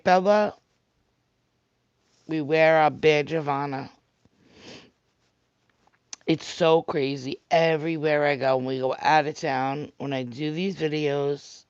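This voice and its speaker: A man's voice: a little high, fairly even intonation, slow, long pauses, clean tone, dry recording, highs cut off. A man with a thick Staten Island New York accent, rambling casually to his viewers on a livestream and answering their comments. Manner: rambling, chatty, talks straight to viewers. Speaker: vlogger reading live comments.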